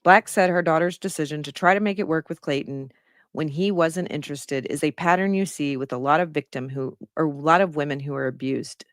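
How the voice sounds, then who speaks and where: A woman's voice: low-pitched, a little fast, dry recording, clean studio sound. A middle-aged woman giving casual commentary on a news article she reads aloud, blunt and sarcastic and swearing freely.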